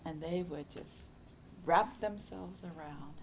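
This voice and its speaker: A woman meditation teacher giving a slow, reflective dharma talk that often drops to a soft, whispery hush. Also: on the low side, a little hiss or hum. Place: meditation center hall.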